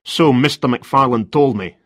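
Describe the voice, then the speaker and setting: A man's voice: mid-range voice, a little slow, fairly bright tone, no room sound, studio quality, pitched above the performer's own voice. A man voicing a cold, polite detective. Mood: probing. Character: cool, formal male police detective. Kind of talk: storybook reading.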